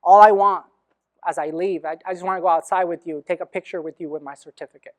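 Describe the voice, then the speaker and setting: A man quietly voicing an earnest schoolboy who is becoming a young man. He talks softly and a little lower, asking for help in a plain, sincere way. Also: fairly even intonation, fast talker, natural voice.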